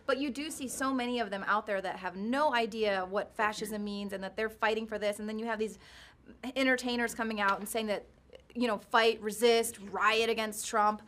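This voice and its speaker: A woman's voice: a little high, fairly even intonation, moderate pace, fairly bright tone. A woman chatting as a studio co-host, playful and giggly.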